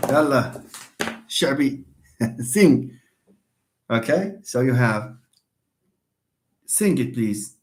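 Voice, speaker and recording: A man gives an English phonetics lesson at an unhurried pace. His pitch rises and falls widely as he stretches key words out slowly and stresses them hard. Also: big pitch swings, slight background noise. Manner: slow, emphatic, drawn-out words. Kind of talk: online lecture.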